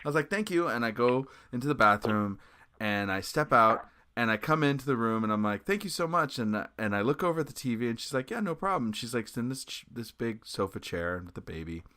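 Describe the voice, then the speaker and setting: A man's voice: fairly low pitch, a little fast, sharp tone, clear, resonant tone. A man, a musician guest, telling a story with lots of energy, acting out the people in it and breaking into shrieks and laughter. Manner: acts out quotes, jumps to shrieks and laughs. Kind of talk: animated storytelling.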